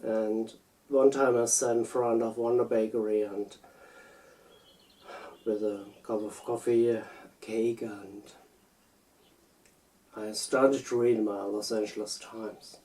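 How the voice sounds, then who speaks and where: A man from Germany with a German accent, speaking unscripted personal reflections in a hesitant, halting way with repeated words. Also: lowish voice, flat delivery, dark tone, far from the mic, poor audio. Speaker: video essayist.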